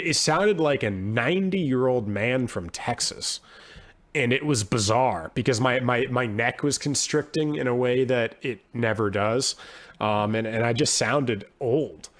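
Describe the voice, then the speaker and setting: Male podcast guest, mid voice, earnest and searching, casual conversational delivery. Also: mid-range voice. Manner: earnest and searching, thinks aloud with frequent restarts. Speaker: podcast guest, poet and musician. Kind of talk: conversational interview.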